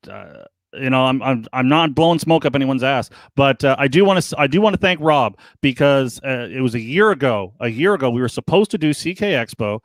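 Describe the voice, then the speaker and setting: A man chatting casually on a live stream as a podcast co-host, rambling and earnest, animated when he tells a story. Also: a little high, no echo.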